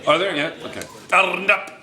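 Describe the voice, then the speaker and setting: Chemistry teacher, man, bright and a bit high, playful, repeats key phrases. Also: expressive, normal speed, reverberant. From United States. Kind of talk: classroom teaching. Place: classroom.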